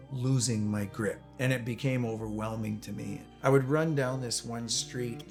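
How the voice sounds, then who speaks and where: A middle-aged man from Canada giving an earnest, reflective personal testimony, with a gravelly voice. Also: on the low side. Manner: earnest, reflective, emotional retelling. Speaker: testimony speaker. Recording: music bed under voice.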